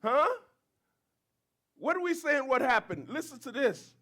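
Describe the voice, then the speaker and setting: A man's voice: very high voice, measured pace. A man preaching a sermon as pastor, switching into Creole and acting out crowd voices. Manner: animated, switches between English and Creole, acts out crowd voices. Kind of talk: bilingual sermon.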